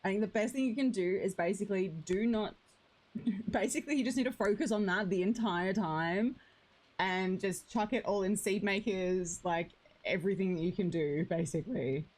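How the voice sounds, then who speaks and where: A woman's voice: medium pitch, normal speed, a little mellow, poor audio. A young woman streaming a farming game, chatting affectionately with viewers and calling them "lovely" and "darling". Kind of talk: casual live-stream chat.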